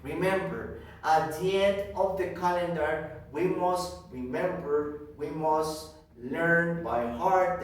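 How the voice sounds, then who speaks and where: Male kindergarten teacher, slightly high voice, patient and deliberate, recorded far from the mic in a roomy space. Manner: slow and deliberate, repeating each point in Spanish; checks in with frequent "okay?". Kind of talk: recorded class for young children. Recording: echoey room, distant mic.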